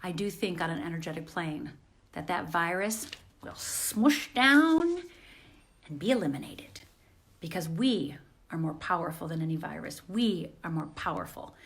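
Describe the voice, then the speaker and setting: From home, a woman with a fairly low-pitched voice hosts a motivational live stream on her phone. She speaks earnestly and encouragingly, often repeating phrases.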